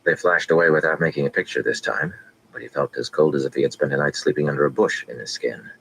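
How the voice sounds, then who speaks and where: A man narrating a fantasy audiobook with steady, measured reading. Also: extremely low pitch, gravelly, slight background noise, rough recording.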